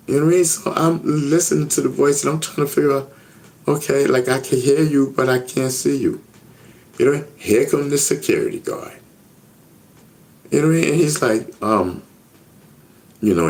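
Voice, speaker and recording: A man's voice: medium pitch, moderate pace, long pauses, darkish tone. A man telling a personal story in a casual interview, earnest and repetitive, often checking in with "you know what I mean?". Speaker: interview guest.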